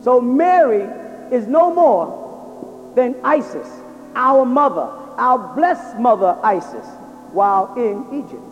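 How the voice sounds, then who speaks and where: A man with a very high, animated voice takes his time lecturing an audience on religion, peppering them with rhetorical questions in sermon style. Soft music plays behind him, and the lo-fi recording sounds dull, made in a reverberant hall.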